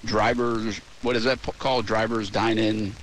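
A man's voice: lowish voice, little pitch movement, normal speed, slight background noise. A man hosting a sports radio show in casual chat, talking in a rambling, easygoing way with lots of fillers from outdoors at a ballpark.

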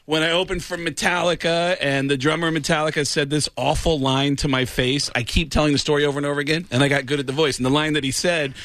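A male comedian on a talk show, telling stories in an animated way. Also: fairly high pitch, fast, few pauses, no room sound. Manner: animated storyteller. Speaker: guest comedian. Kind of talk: storytelling.

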